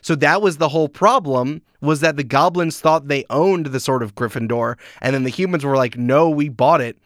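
A man talking casually on a podcast, animated and full of "like" fillers. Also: fairly high pitch, normal speed, no room sound, clean studio sound. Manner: animated, uses many "like" fillers, acts out quotes. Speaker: podcast guest.

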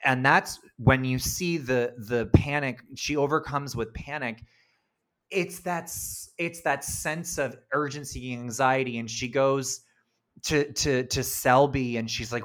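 A man co-hosting a casual film podcast, chatty and animated, quick to laugh and act out quotes. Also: mid-range voice. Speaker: podcast co-host.

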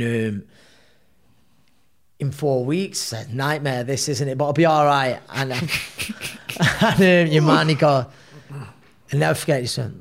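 A man's voice: mid-range voice, vocal fry. Rambling man telling a story. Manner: rambling, animated retelling with many fillers. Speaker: guest, boxer. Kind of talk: storytelling in a podcast interview.

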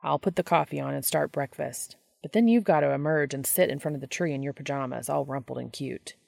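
A gruff, affectionate young man who teases with dry sarcasm, voiced by a woman reading aloud. The voice sits low and gravelly, with no room sound around it. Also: brisk, a little mellow, no room sound, full character voice. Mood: teasing.

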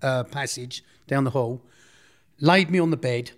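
A man tells his own story in a plain, middle-pitched voice. He talks bluntly and drops in street slang, often breaking off and restarting mid-sentence as he recounts events. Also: a little slow. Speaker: interviewee.

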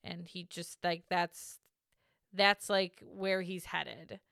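A woman with a bright, crisp voice chats casually as a podcast co-host. She recaps bluntly, swears freely and laughs often. The sound is dry and close. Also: fairly low pitch, fairly even intonation, slow pace, no echo.

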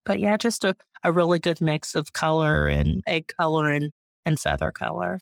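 Chatty mom with a gravelly voice. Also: female voice, low-pitched, expressive, normal speed, no echo, clean studio sound. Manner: warm, chatty, proud. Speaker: guest, urban homesteader and mom. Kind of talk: casual interview chat.

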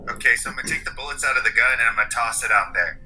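A man playing a tabletop game with sarcastic, deadpan jabs at the others. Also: mid-range voice, rapid-fire, slight background noise, low-quality recording. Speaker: player. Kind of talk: casual tabletop game play.

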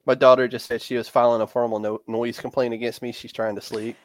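A man co-hosting a casual fan podcast, talking fast and animated, swearing a lot and acting out quotes from the characters. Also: mid-range voice, no echo, clean studio sound. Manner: animated, profane, acts out quotes. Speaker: podcast co-host.

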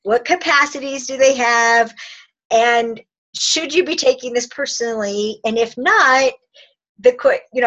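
A woman's voice: a little high, measured pace, fairly bright tone, highs cut off. A woman speaking as a relationship expert guest, chatting casually, laughing often and acting out short dialogues. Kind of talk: conversational advice. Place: indoor couch talk.

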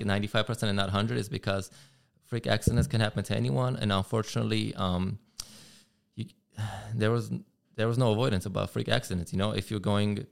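A man's voice: fairly low pitch, gravelly. A man who rides motorcycles, a guest talking casually and thoughtfully, often restarting his sentences. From California. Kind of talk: casual interview talk.

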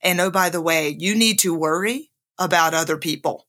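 A woman's voice: lowish voice, normal speed, a bit bright. A middle-aged woman hosting her own podcast, telling a candid personal story in a casual monologue and laughing often. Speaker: podcast host.

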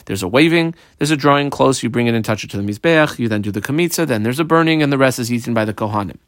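Lively man explaining a Talmud text. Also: mid-range voice, very fast, no echo, clean studio sound. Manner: reads Aramaic text aloud, then explains it in English; lively, asks rhetorical questions and answers them. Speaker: Talmud teacher.

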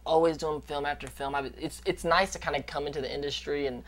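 A man's voice: fairly high pitch, steady tone, fast talker, a bit bright. A man talking as an actor guest in a casual interview, easygoing and telling stories. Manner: easygoing, storytelling.

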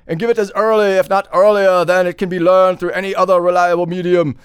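A man's voice: sits high, flat delivery, fast, clear, resonant tone, no room sound, voice pushed up, close to an everyday voice. A man putting on the voice of a 1930s radio newsman, declaiming in an old-time newsreader cadence. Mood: declamatory.

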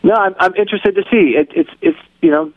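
A man's voice: high voice, fast talker, dry recording, phone-quality sound. Eager male podcast host, dry sound. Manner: eager, talkative, stumbles over words. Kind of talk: casual news chat.

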